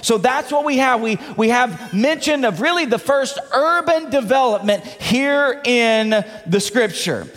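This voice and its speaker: A man's voice: very high voice, lively intonation, a little slow, few pauses, a bit bright, long reverb tail. A male pastor preaching a sermon to his congregation, with playful asides and repeated words as he builds a point. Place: church sanctuary.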